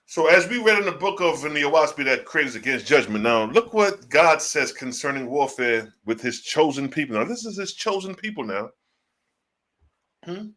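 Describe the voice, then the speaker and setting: A man streams a loose, slangy commentary on scripture, breaking his readings with pointed rhetorical questions. His voice sits a little high and comes across bright and edgy, with a preachy, conversational push. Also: sing-song, normal speed. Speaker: online religious teacher. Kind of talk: casual livestream Bible commentary.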